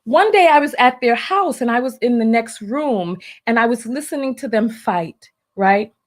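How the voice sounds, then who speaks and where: A woman's voice: on the high side, expressive, moderate pace. A middle-aged woman hosting a talk show, delivering an emphatic opinion monologue that hammers on repeated rhetorical questions. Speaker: show host.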